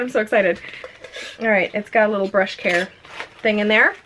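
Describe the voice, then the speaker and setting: A young woman vlogging a makeup unboxing at home in a chatty, excitable, self-mocking way. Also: fairly high pitch, normal speed, a little hiss or hum. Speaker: beauty vlogger. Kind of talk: casual unboxing vlog. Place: home room with a ring light.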